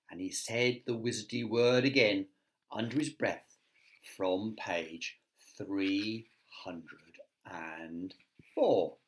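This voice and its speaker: A man, a teacher, reading a picture book aloud to children with chatty asides to his listeners. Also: fairly low pitch.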